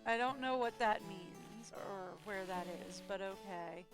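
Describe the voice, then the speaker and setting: A woman's voice: mid-range voice, a little slow, soft background music. A woman streamer reading a story game's narration aloud, breaking off for casual asides about her reading. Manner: reads narration aloud, then breaks off to chat. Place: home streaming setup.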